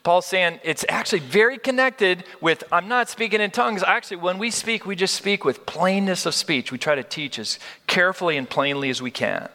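A male pastor preaching with earnest, animated energy, his voice high and bright. He stumbles and restarts as he presses his point, and long reverb from the hall trails after him. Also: brisk, few pauses. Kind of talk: sermon.

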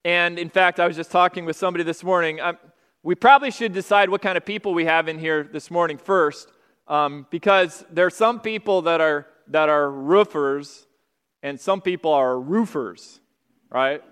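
A man preaching a sermon to his church in a conversational way, slowing down to stress key phrases. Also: on the high side, a bit bright, smooth. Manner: conversational preaching, slows for emphasis. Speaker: pastor. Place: church sanctuary. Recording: long hall reverb.

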